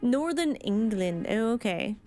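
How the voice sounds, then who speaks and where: Woman game streamer, fairly high voice, chatty, playful, rambling, faint music behind. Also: lively intonation, a little slow, darkish tone. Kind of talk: casual let's-play commentary.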